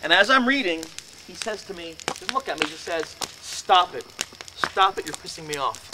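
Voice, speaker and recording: A man giving a storytelling lecture, animated and acting out the dialogue as he goes. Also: sits high, fairly quick, background noise. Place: lecture room.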